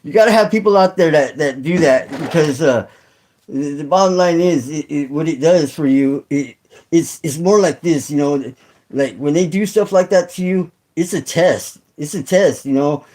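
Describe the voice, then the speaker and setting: A man's voice: fairly high pitch, moderate pace, darkish tone, low-quality recording. A middle-aged man hosting a casual livestream chat with viewers, rambling and swearing, full of fillers and restarts. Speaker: channel host.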